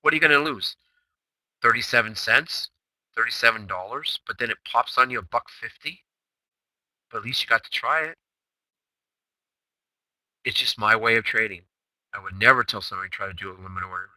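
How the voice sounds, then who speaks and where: A man's voice: fairly low pitch, a little fast, long pauses, bright, forceful tone, no echo, low-quality recording. A man hosting a day-trading chatroom recap, talking brashly and emphatically with lots of rhetorical questions. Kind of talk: recorded trading session recap.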